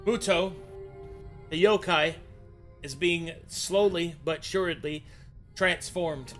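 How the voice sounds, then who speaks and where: A man's voice: fairly high pitch, takes it slowly, fairly bright tone, soft background music. A man narrating a tabletop game as game master, describing scenes with some fillers and restarts.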